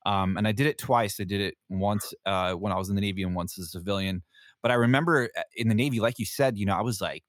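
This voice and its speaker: A man's voice: on the low side, fast, no echo, clean studio sound. A man, a Navy veteran hosting a podcast, telling a story casually with lots of fillers, swearing and laughter. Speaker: podcast host.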